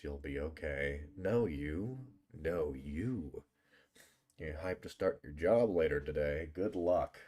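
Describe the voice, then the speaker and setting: A male streamer with a very deep, darkish voice chats casually with his live audience, teasing and bantering with some swearing. He sits close to a desk microphone.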